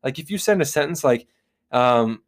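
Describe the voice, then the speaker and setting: A man co-hosting a casual podcast, laid-back and drawling, often trailing off into a quieter voice. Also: mid-range voice, animated, moderate pace. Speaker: podcast host.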